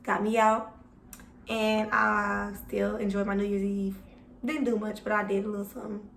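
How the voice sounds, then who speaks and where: A woman's voice: mid-range voice, level tone, normal speed, creaky, fairly bright tone, a little hiss or hum. A young woman vlogger telling a story casually and with swearing, talking straight to her viewers. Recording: echoey room, mic at a distance.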